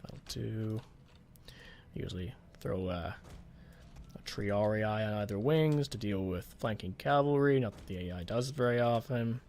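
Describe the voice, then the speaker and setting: A man's voice: lowish voice, unhurried, a little mellow, a little hiss or hum. A man talking through a strategy game as he plays, thinking aloud and swearing when the game frustrates him. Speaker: gaming channel host. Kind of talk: let's play commentary.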